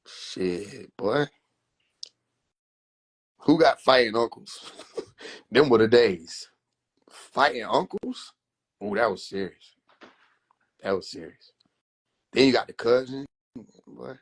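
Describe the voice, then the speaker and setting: A man's voice: mid-range voice, slow, pauses often, breathy edge. Profane, laughing man telling family stories. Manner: profane, laughing, animated storytelling. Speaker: livestream host. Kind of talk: casual storytelling on a livestream.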